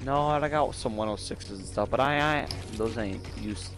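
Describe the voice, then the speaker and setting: A man's voice: lowish voice, moderate pace, over music. A man in casual game voice chat, whiny and demanding, repeating himself over and over through a headset.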